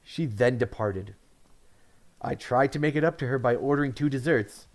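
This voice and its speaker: A man's voice: medium pitch, normal speed. A man from Connecticut telling one-liner jokes, chuckling at his own punchlines and commenting offhandedly on them. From Connecticut, USA. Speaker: comedian.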